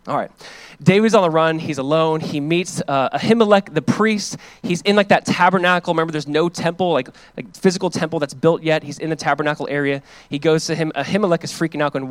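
High-voiced casual young preacher man. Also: fairly quick, no echo. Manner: casual, conversational teaching with checks on the audience. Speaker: pastor. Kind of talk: expository sermon.

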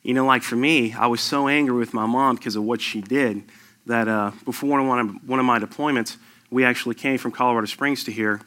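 A lay preacher in his thirties shares his personal testimony in an earnest sermon, building emphasis as he goes. His medium-pitched voice is bright and forceful, brisk and steady in tone.

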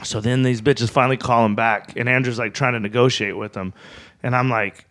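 A man telling a wild story on a podcast, swearing freely and acting out his own lines loudly. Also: medium pitch, a little fast. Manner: profane, animated, acts out quotes loudly. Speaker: guest comedian. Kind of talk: casual storytelling.

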